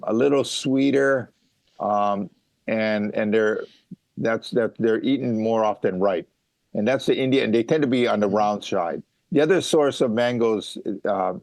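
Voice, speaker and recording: A man's voice: on the low side, darkish tone, dry recording. A middle-aged man from Hawaii, a mango farmer being interviewed, who explains things casually with many fillers and restarts.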